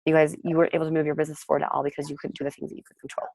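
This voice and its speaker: A woman's voice: deep voice, flat delivery, gravelly, a little mellow, no room sound, low-quality recording. A woman coach giving an upbeat, gushing motivational pep talk to her team on a group call. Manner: upbeat, gushing, rapid encouragement. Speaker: network marketing coach leading a team call. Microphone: group call audio.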